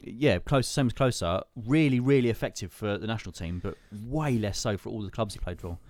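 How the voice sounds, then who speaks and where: A man hosts a casual football chat, steering the rounds with a jokey manner. His voice sits fairly low and sounds dry and close. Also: a little fast, a little mellow, dry recording. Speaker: podcast host.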